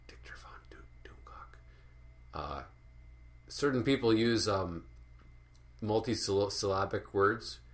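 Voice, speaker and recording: A man's voice: fairly low pitch, a bit bright. A man delivering a rambling, profane, sardonic rant as an art commentary vlogger. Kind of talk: ranting monologue.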